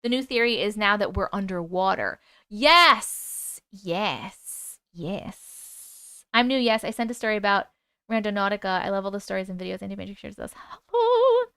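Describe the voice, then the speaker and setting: A woman hosting a casual livestream, chatting with viewers and rattling off quick thank-yous for gifts, excitable and prone to laughing and swearing. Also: mid-range voice, clear, resonant tone, dry recording, clean studio sound. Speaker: livestream host. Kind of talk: casual livestream chat, reading comments and thanking gifters.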